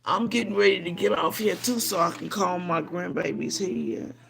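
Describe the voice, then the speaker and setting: An older woman, a grandmother, hosting a casual livestream and lecturing viewers in a preachy, scolding way with drawn-out emphasis. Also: on the low side, gravelly, crowd noise. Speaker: livestream host.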